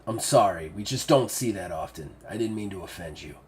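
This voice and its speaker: Big suspicious orc warlord for a tabletop game, gruff and low-pitched, slow delivery, voiced by a man. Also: animated, a little hiss or hum. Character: big old-school male orc lord, suspicious.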